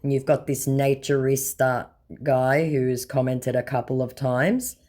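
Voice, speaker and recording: A woman's voice: very deep voice, fairly even intonation, unhurried, warm tone. A woman hosting a scambaiting channel, talking casually and bluntly with sarcasm while reading out chat exchanges.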